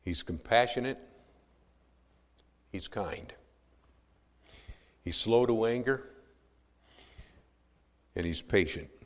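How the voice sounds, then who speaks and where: A male pastor delivers a sermon at a slow, deliberate pace. His pitch rises and falls widely as he drops to near-whispers and then climbs to loud, emphatic proclamations. The voice rings out with a long hall reverb. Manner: dramatic swings from hushed to loud emphasis.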